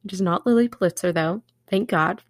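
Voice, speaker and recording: This young adult woman hosts her own podcast, chatting casually with plenty of sarcasm and swearing. Her voice sits on the low side and moves a little fast, recorded clean in a studio with no echo.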